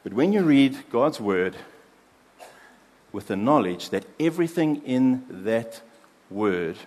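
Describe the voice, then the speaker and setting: A man preaching a sermon as pastor, earnest, dropping soft for prayers and building emphasis in lists. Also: mid-range voice, very animated, slow pace, long reverb tail.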